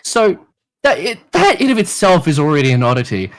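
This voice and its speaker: A young Australian man in his twenties talks fairly quickly in a fairly high voice. He's a podcast guest telling stories in casual chat, animated and swearing a lot as he acts out the people in them.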